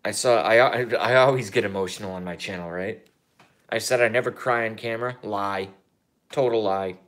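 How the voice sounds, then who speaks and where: A man in his thirties rambling through a political vlog monologue, excitable and profane, swinging from mumbled asides to loud outbursts and repeating himself. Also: on the low side, normal speed. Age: 30s. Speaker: YouTuber.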